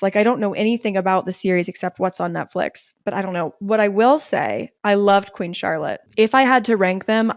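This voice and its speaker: A woman's voice: medium pitch, dry recording. Chatty young woman podcasting, dry close mic. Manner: chatty and candid, with frequent "like" fillers. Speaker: podcast host. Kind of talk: casual solo podcast chat.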